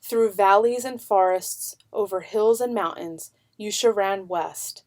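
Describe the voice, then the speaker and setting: Slow, expressive woman reading a children's book. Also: medium pitch. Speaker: narrator.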